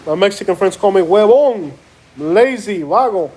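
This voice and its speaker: A man's voice: sits high, lively intonation, a little slow, darkish tone, breathy edge. A man chatting casually about food, joking and rambling with stumbling restarts. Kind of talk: casual chat.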